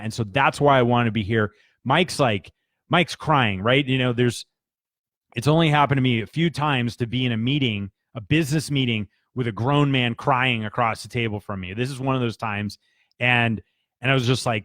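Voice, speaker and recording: A man's voice: medium pitch, normal speed, a bit bright, dry recording, clean studio sound. A man telling a personal work story in a casual, earnest, conversational way, with restarts and fillers. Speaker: business speaker.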